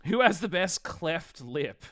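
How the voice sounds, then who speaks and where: A man's voice: on the high side, very animated, fairly bright tone, no room sound, clean studio sound. A man giving blunt, profane live-stream reaction commentary. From Australia. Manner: blunt, profane, quick to judge.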